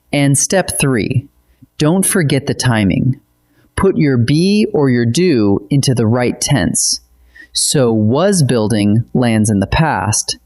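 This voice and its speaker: A man narrating a scripted grammar lesson in a measured, patient, explanatory way. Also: mid-range voice, darkish tone. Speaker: grammar teacher.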